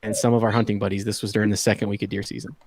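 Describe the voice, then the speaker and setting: A man's voice: on the low side, level tone, racing, darkish tone, no echo. A man in his thirties telling a long story to friends in a casual chat, laughing often and acting out the people he quotes. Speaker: podcast host.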